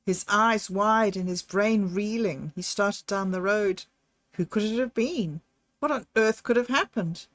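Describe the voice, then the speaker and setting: Woman reading a story out loud, slow and even, super dry. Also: medium pitch, no room sound. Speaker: audiobook narrator. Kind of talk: scripted narration.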